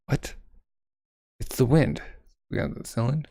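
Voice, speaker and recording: Gravelly man reading a manga aloud. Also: mid-range voice, steady tone, moderate pace, long pauses, darkish tone, dry recording. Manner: stumbling, commenting with fillers. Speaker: manga reader. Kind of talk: casual manga read-along narration.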